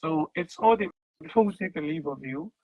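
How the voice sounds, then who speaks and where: A man's voice: a little high, expressive, brisk, warm tone, no room sound. A man hosting an interview show, upbeat and coaxing his guest along in casual talk. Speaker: host. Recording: dull, muffled sound.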